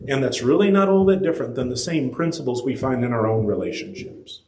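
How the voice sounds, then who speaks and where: A man preaching a sermon, lively and animated, acting out quoted voices with his pitch climbing high. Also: fairly quick. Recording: echoey room.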